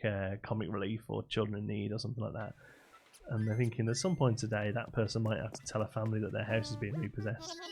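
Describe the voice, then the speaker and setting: A man's voice: fairly low pitch, gravelly, a little mellow. A man chatting casually while live-streaming a game, rambling and laughing between stories. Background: game music.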